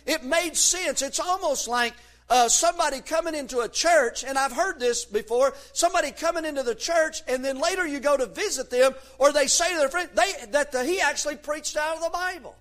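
A man preaching a sermon from the pulpit, fervent and emphatic, rising to shouts on key points. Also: very high-pitched, a little fast. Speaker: pastor.

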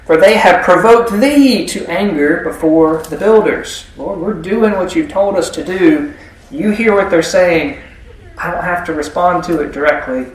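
Folksy preacher in an echoey room. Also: male voice, fairly high pitch. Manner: folksy, reads scripture aloud then explains. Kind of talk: Bible teaching sermon. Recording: echoey room with faint ambience.

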